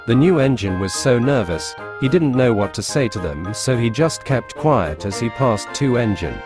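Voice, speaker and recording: A man's voice: mid-range voice, animated, normal speed. Man narrating a storybook over music.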